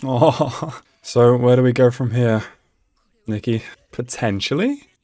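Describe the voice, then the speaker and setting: Male reaction host, casual and excitable, ordinary pitch, dry sound. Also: slow, no room sound. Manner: excitable, laughs often, exclaims at the screen. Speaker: anime reaction channel host.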